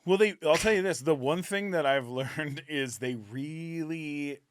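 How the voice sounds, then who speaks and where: A man's voice: a little high, measured pace, clear, resonant tone, dry recording, studio quality. A man in his forties, a comedian guest, talking animatedly and acting out little scenes with laughs. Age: 40s. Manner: animated, acts out voices in his stories, laughs often. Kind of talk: casual chat.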